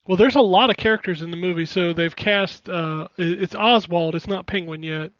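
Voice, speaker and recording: A man co-hosting a gaming podcast in casual chat, talking in an animated, exclamatory way. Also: high voice, moderate pace, dry recording, lo-fi sound. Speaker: podcast co-host.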